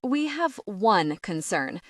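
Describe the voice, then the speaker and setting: A woman voicing a pompous, rich foreign-accented man who speaks slowly and heavily. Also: fairly high pitch, sing-song, no room sound, clean studio sound, pitched above the performer's own voice, heavily acted.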